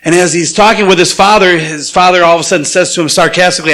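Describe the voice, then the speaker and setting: A man with a fairly high voice delivers a sermon to his congregation in a church. He talks in a relaxed, conversational way while he tells a story. When he quotes other people, he voices their lines by raising his pitch. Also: fast talker, few pauses, poor audio. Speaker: pastor.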